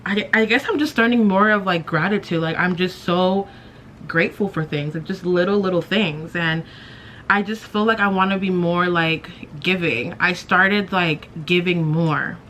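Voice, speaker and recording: Young woman vlogging, chatty and self-mocking, bright lowish voice, says like a lot. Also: normal speed, a little hiss or hum. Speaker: beauty vlogger. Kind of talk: casual storytelling to camera.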